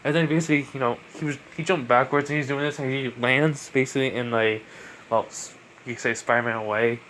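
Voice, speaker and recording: A man's voice: mid-range voice, fairly even intonation, fairly quick, fairly bright tone, a little hiss or hum. A man casually narrating a fan story, rambling with many fillers.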